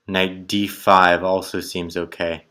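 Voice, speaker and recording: A man's voice: low-pitched, level tone, takes it slowly, sharp tone, clean tone. A man thinking aloud as he solves chess puzzles, muttering moves in short clipped phrases. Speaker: chess player solving tactics puzzles. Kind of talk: thinking aloud while calculating.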